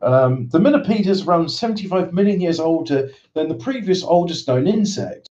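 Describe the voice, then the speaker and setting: A man's voice: a little high, lively intonation, brisk, a little mellow. A man chatting casually on a podcast, reading out odd news stories with wry, rambling asides. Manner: wry, rambling, reads headlines aloud with asides. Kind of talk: casual chat. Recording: dull lo-fi sound.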